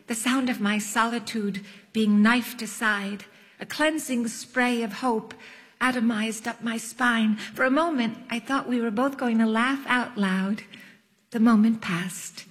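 Slow, wry woman narrating a memoir. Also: on the high side. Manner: wry, literary, self-mocking. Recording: long echoing reverb.

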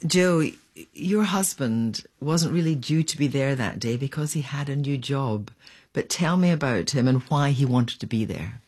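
A man asks his guests calm, gentle questions in a broadcast interview. His voice sits in a mid range. The recording is dry. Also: medium pitch, normal speed, breathy edge, no echo.

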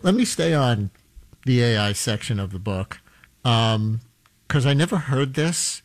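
A man's voice: mid-range voice, animated, measured pace. A man hosting a radio interview, asking questions conversationally with playful asides. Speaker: radio show host.

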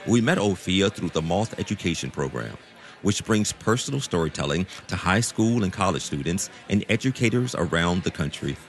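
A man's voice: sits low, lively intonation, normal speed. A man from Virginia, the show's host, reading an upbeat introduction for the next storyteller. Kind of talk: scripted introduction.

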